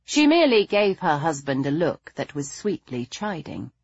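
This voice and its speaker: A woman narrating an audiobook in a poised, even storytelling manner. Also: sits low, normal speed, slightly rough, dry recording, lo-fi sound. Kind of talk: audiobook narration of a period mystery.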